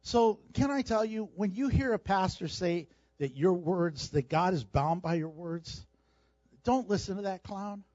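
A man's voice: sits high, expressive, unhurried, a little mellow, dry recording, muffled recording. A male pastor preaching a sermon, emphatic and repeating phrases for stress.

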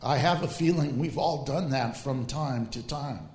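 A man preaching as a pastor in a lively, humorous way, drawing out emphatic phrases. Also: medium pitch, measured pace. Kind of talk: sermon. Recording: echoey hall.

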